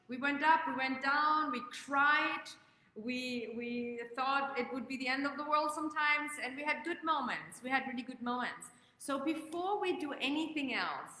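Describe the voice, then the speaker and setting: A woman hosting a live-stream coaching session, greeting viewers by name and leading slow guided breathing. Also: high voice, lively intonation, pushed and bright. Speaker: host and life coach. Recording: echoey room with long reverb.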